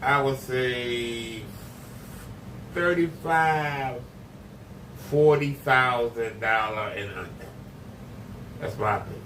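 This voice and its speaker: A man's voice: mid-range voice, fairly even intonation, a little slow, bright, forceful tone. A man commenting on a stream, blunt and opinionated as he gives his judgments. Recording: roomy, distant, faint noise.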